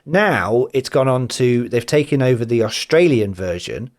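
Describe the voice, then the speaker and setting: A man's voice: mid-range voice, expressive, moderate pace. A man co-hosting a podcast in a casual chat, teasing his friend and mimicking other people's voices for laughs. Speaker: podcast co-host.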